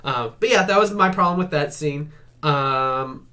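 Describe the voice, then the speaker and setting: A man's voice: a little high, measured pace, sharp tone. A man co-hosting a casual review chat, laid-back and hesitant, with many ums and uhs. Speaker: co-host reviewing a TV series.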